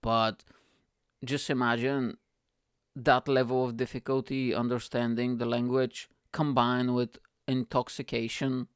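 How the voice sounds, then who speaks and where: A man's voice: mid-range voice, level tone, unhurried, clear, resonant tone, no room sound, studio quality. A man hosting a podcast, telling a story in a rambling, profane way with frequent laughs. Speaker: podcast host. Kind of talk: casual storytelling.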